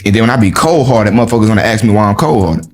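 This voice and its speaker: A man's voice: very fast, soft background music. Blunt, preachy man with street slang. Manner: lively, swings between high exclaims and low emphasis. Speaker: podcast host. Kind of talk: motivational monologue.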